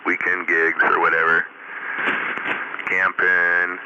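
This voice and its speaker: A man's voice: low-pitched, monotone, slow. A man, a ham radio operator, chatting in an easygoing, folksy way. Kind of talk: casual radio chat. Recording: muffled radio with static.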